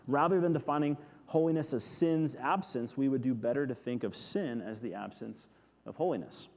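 A man's voice: medium pitch, expressive, normal speed. Earnest male preacher in a reverberant hall. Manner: earnest, with emphatic repetitions falling soft. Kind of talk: sermon teaching on scripture.

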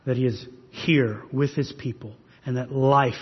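Husky preaching man in a reverberant hall. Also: mid-range voice, steady tone, normal speed, few pauses. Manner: earnest preaching with rhetorical questions. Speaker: pastor. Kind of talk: sermon. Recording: husky voice in long reverb hall, dull sound.

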